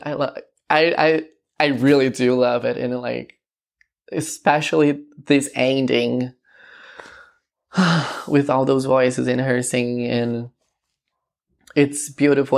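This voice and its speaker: Female vlogger, low pitch, gushing casual chat. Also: steady tone, takes it slowly, vocal fry, long pauses. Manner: gushing, chatty, lots of fillers. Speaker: vlog host. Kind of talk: casual song reaction talk.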